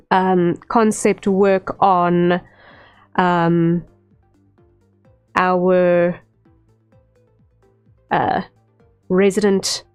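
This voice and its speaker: A woman's voice: mid-range voice, darkish tone, smooth. A woman streamer chatting casually while drawing, rambling with lots of "um" fillers. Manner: unhurried, rambling, many "um" fillers. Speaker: streamer, VTuber artist. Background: faint stream music.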